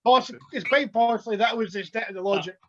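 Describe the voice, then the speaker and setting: A man's voice: sits high, quick pace, fairly bright tone, highs cut off. A man in casual podcast banter, joking dryly with friends. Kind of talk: casual chat.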